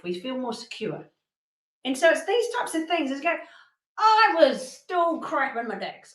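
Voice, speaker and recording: Lady giving a motivational workshop talk, fairly high voice, roomy echo, tells stories with lots of energy. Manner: animated storytelling with acted-out quotes. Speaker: workshop presenter.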